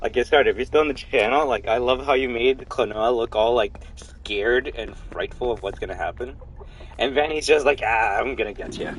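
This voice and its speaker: A man's voice: medium pitch, moderate pace, rough recording. A young man chatting casually to his viewers while livestreaming a game, rambling and talking straight to chat. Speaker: streamer.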